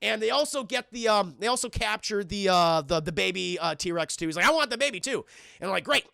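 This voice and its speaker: Animated high-voiced man reviewing a film. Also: brisk, creaky, no room sound, clean studio sound. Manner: animated, swearing, doing silly character voices. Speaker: streamer reviewing a film with his chat. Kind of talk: casual film review chat.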